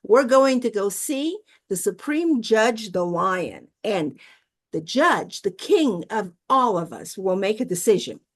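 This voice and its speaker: A woman's voice: mid-range voice, big pitch swings, takes it slowly. A woman voicing a stubborn, gloating male donkey in a spoken fable, giddy and singsong. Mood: insistent.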